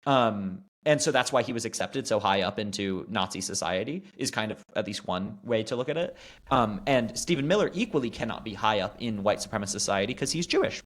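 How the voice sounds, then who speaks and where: Man host, casual political rant, sarcastic and foul-mouthed, animated pitch. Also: a little fast. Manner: sarcastic, ranting, profane. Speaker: podcast host.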